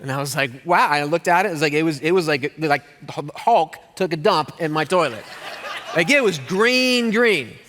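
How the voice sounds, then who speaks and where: A man's voice: on the high side, normal speed, a little hiss or hum. A middle-aged man preaching a sermon as pastor, telling stories with jokes and playful voices. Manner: animated storyteller with jokes and playful put-on voices. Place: church hall. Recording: long hall reverb.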